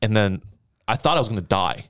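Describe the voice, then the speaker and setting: A young man co-hosting a podcast, telling a story in casual, animated talk with lots of swearing and acted-out quotes. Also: on the low side, a little fast, dry recording, clean studio sound. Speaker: podcast co-host.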